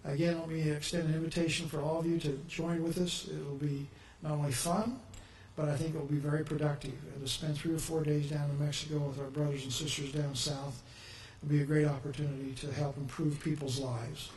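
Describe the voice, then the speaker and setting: A man's voice: a little high, level tone, brisk, few pauses, darkish tone. A man giving an earnest, upbeat public speech as a governor at a press conference. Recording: echoey room, faint noise.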